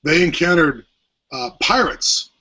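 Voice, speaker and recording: A man's voice: fairly high pitch, animated, unhurried, pushed and bright. A man co-hosting a podcast, talking in a rambling, hesitant way with many fillers. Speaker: podcast co-host. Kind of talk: casual podcast discussion. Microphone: headphones with mic at home. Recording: dull lo-fi podcast audio.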